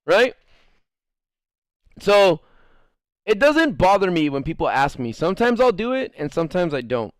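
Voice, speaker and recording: Rambling, profane male streamer with a higher voice. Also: big pitch swings, a little fast, hardly any pauses, clean tone, dry recording, studio quality. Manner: rambling, profane, acts out quotes in jumping voices. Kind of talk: casual storytelling to live chat.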